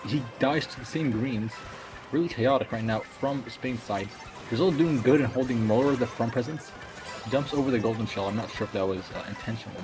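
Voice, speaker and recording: A man giving casual color commentary on a competitive racing match, with quick analytical remarks. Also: mid-range voice, rough recording.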